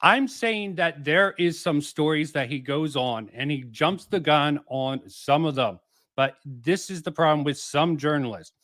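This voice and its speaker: A man debating in a measured, hesitant way, often conceding a point before pushing back. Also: a little high, a bit bright, no echo, studio quality. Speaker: channel host. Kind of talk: debate, casual discussion.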